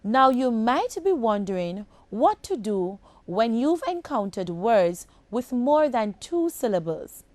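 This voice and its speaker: A woman teaching a phonics lesson to children on broadcast television, speaking slowly and enunciating each sound with care. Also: fairly high pitch, very animated, a little mellow, no echo. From Jamaica. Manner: slow, deliberate, clearly enunciated.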